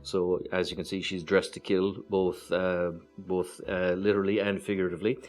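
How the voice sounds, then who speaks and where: An Irish man casually walking through a board game's cards one by one, relaxed and hesitant, with many fillers and chatty asides. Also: low-pitched, normal speed, soft background music. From Ireland. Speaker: board game reviewer. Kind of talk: casual card-by-card walkthrough.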